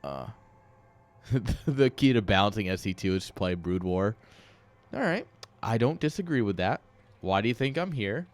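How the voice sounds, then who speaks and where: A man's voice: lowish voice, lively intonation, moderate pace, long pauses. A man casually commentating a live video game match, ranting and joking while chatting with viewers. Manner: rambling, ranting, jokey, chats with viewers. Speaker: esports caster and streamer.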